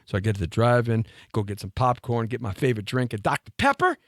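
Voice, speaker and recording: Animated man telling a rambling story. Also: medium pitch, fast talker, dry recording. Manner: animated, rambling, laughing asides. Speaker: radio show host. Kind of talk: storytelling monologue.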